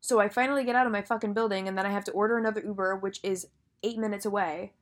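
A woman's voice: medium pitch, steady tone, very fast. A young woman telling a story in a casual monologue, chatty and full of filler words and swearing.

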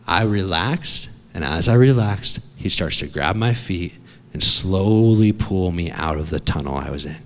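A man preaching a sermon as a dramatic story, swinging from hushed to shouting. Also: low-pitched, lively intonation, measured pace, in a large hall. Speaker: pastor. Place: church.

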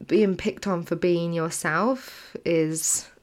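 A woman's voice: lowish voice, slow, darkish tone. A woman co-hosting a podcast in casual chat, talking freely and laughing often. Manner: chatty, laughs often, uses "like" a lot. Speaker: podcast co-host.

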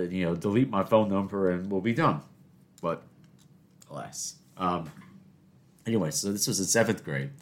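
A young man in his twenties hosting a show, telling stories in a rambling, casual way, breaking off and restarting, and laughing at his own jokes. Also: lowish voice. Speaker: podcast host. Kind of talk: casual solo storytelling.

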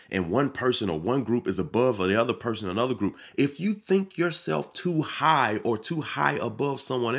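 A man delivering a sermon on his podcast, preaching with animated swings and acting out quoted voices. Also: medium pitch.

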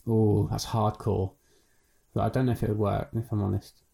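Male podcast co-host, low mellow voice, crude rambling banter, swears a lot. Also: level tone, moderate pace, creaky. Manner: profane, rambling, jokey. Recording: talking into the wrong side of the mic.

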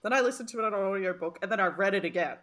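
A woman's voice: mid-range voice, rapid-fire, over a noisy crowd. A woman with an Australian accent hosting a casual podcast interview, enthusiastic and freely swearing. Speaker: podcast host.

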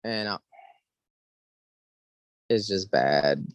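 A man co-hosting a podcast in casual chat, animated, sarcastic and profane. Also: low voice, drawn-out words, no room sound. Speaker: podcast co-host.

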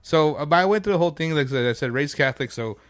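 A man's voice: a little high, quick pace, no echo. A man co-hosting a podcast, telling stories in casual chat and acting out quotes, laughing often. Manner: animated storyteller, acts out quotes, laughs often. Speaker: podcast co-host.

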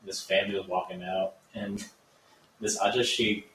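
Young man co-host, dry humor, lowish voice, off-mic and roomy. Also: level tone, moderate pace, a bit bright, far from the mic, a little hiss or hum. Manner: dry, teasing quips. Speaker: podcast co-host. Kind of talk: casual chat.

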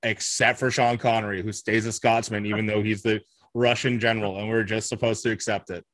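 A man's voice: on the low side, level tone, fairly quick, fairly bright tone, dry recording. A man co-hosting a podcast in casual chat, talking in a rambling way with lots of fillers and restarts. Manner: rambling, hesitant, many fillers.

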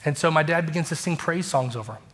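A man preaching a sermon, telling stories and acting out quoted dialogue with lively emotion. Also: a little high, quick pace. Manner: animated, acts out quoted dialogue. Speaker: pastor. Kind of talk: sermon storytelling.

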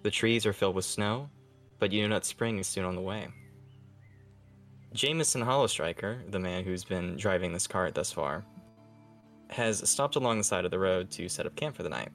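Soft-spoken young man narrating. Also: low voice, moderate pace, faint music behind. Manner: soft, calm storytelling voice. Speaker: game master. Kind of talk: narrating a tabletop game.

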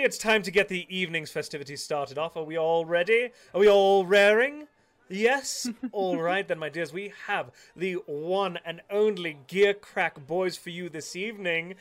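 Bright-voiced man narrating a tabletop game. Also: mid-range voice. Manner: descriptive, with many fillers. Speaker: game master.

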